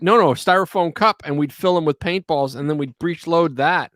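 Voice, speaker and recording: A man's voice: a little high, a little fast, fairly bright tone, no echo, clean studio sound. A man hosting a live paintball stream, rambling casually, joking and chuckling. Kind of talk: casual chat.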